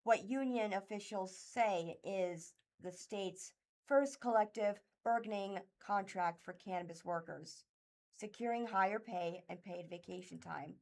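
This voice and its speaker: A woman reading local news articles aloud for a radio reading service, halting and stumbling over names and words. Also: mid-range voice, darkish tone. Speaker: volunteer news reader. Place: thrift store.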